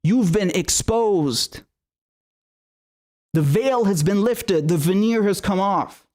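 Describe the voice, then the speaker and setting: A man's voice: high voice, lively intonation, takes it slowly, a little mellow. A man hosting a political livestream, reading viewer messages and then ranting in an angry, profane, repetitive way. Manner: profane, angry, repeats himself. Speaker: political commentary host.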